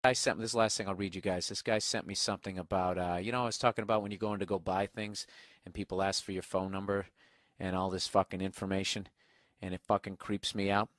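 A man's voice: sits low, little pitch movement, quick pace, a bit bright, no echo, studio quality. A man hosting a comedic podcast from a hotel room on a single microphone, reading out a listener email in a profane, sarcastic rant. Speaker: podcast host. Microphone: single microphone, no headphones.

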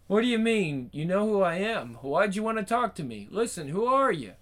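A man plays a timid young Scotsman who asks hesitant, unsure questions. His voice is pitched higher than the reader's own. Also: sing-song, moderate pace, a bit bright. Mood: bewildered. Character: timid young Scottish man, nervous and bewildered.

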